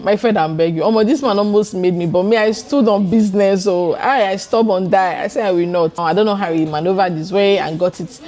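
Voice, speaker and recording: Young Nigerian-accented woman, vlogger, chatty expressive storyteller, talks straight to camera. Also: medium pitch, brisk, few pauses.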